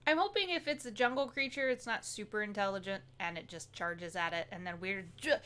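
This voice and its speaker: A woman's voice: medium pitch, sharp tone. A woman playing a tabletop game, joking around in casual chat. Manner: playful, jokey, quick asides. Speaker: player. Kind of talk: tabletop role-play chat.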